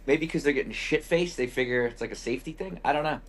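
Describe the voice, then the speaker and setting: A male podcast host with a husky voice at an ordinary middle pitch spins a rambling travel anecdote. He keeps it loose and wry, drops in mild profanity, and acts out quoted remarks as he goes. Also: fast talker. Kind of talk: casual storytelling.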